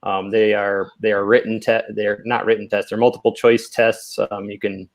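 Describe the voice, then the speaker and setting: A man's voice: on the low side, flat delivery, moderate pace. A man chatting casually as a guest, explaining radio with many fillers and restarts. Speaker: guest ham radio expert. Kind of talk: casual panel chat.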